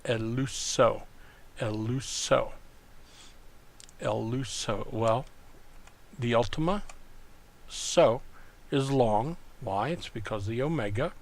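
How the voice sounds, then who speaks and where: Slow, gravelly-voiced male tutor. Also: mid-range voice, animated, a little mellow. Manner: slow, methodical, thinking aloud. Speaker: Greek tutor. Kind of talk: recorded online lesson.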